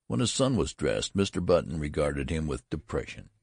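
A man reading a story aloud in a measured, wry way. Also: a bass voice, big pitch swings, creaky, darkish tone, husky, no room sound, clean studio sound. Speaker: narrator.

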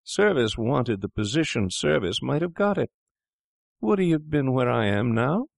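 A man voicing a frightened young medical student, hoarse and pleading. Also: medium pitch, big pitch swings, moderate pace, no room sound, studio quality, pitched above the performer's own voice. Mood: panicked. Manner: pleading, panicked.

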